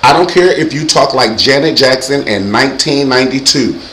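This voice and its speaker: A man hosting his own show, giving comedic safety advice in a sassy, animated way and acting out loud yells. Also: medium pitch, normal speed, roomy sound, slight background noise, poor audio. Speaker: vlog host.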